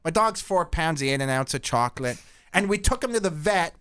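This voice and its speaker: A middle-aged man from Canada hosting a podcast, telling rambling stories in a crude, deadpan comic way. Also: fairly high pitch, brisk, clean tone, dry recording, clean studio sound. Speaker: podcast host. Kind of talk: casual profane storytelling.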